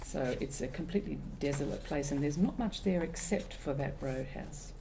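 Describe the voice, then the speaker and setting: A woman, an author, introducing and reading her own fiction aloud in a measured, expressive way. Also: low voice, creaky, noisy background.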